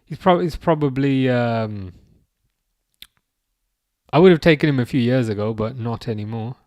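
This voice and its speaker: A man's voice: mid-range voice, moderate pace, a little mellow, no room sound. A man hosting a football watch-along live stream, chatting loosely and answering viewer comments as he goes. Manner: loose and rambling, with frequent restarts. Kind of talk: casual live-stream chat.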